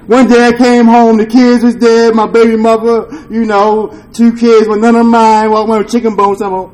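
A man with a notably high voice shares a candid testimony at a recovery meeting. He talks in loose street slang, swears freely, and keeps checking in with "you dig?" His tone is earnest and confessional. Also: level tone, moderate pace, hardly any pauses, darkish tone, slight background noise, poor audio. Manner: earnest and confessional, with rueful laughs. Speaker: speaker sharing at a recovery meeting.

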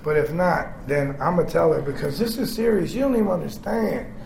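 A man in his forties giving a raw, profane personal testimony to a group, swinging between shouting and hushed talk. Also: fairly high pitch, a little fast, gravelly. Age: 40s. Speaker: speaker sharing his story with a group. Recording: echoey room with background noise.

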